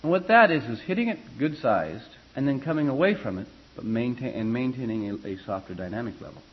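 Speaking fairly quickly and with animation, this man has a medium-pitched voice captured on a muffled recording. His choir class on vocal expression is casual and meandering, with fillers and false starts, and he spells out musical terms as he goes.

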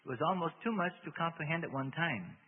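A man's voice: on the high side, expressive, brisk, a little hiss or hum. A man reading a religious memoir aloud on the radio, with folksy asides of his own. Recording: tinny phone-like radio broadcast.

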